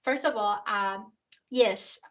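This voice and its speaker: A woman from China, a Mandarin native speaker with a Chinese accent, hosting a casual livestream chat and often pausing to search for words with many fillers. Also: mid-range voice, fairly bright tone. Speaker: livestream host. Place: home, in Scotland.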